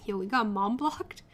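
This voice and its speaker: A woman streamer reading a dating game aloud in a playful way, laughing often and swearing. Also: medium pitch.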